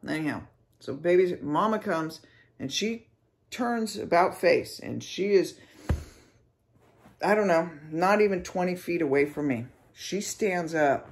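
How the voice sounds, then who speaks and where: Vlogger telling a wild story, lots of "okay?", makes little sound effects, mid pitch. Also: a little slow. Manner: animated, with mouth sound effects and frequent "okay?". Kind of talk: casual storytelling.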